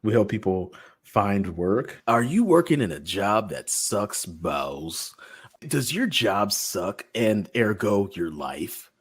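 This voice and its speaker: A man co-hosting a podcast, reading promos in a loose, joking way and jumping between loud and soft. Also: fairly low pitch, slow pace, slightly rough. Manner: animated, jokey, swings loud and soft. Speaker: podcast co-host. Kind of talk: casual chat with show promos.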